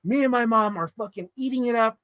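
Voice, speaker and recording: A man casually reviewing movies in a vlog, telling stories in an excitable, rambling way full of swearing and filler words. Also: very high-pitched, a little fast, no room sound, studio quality.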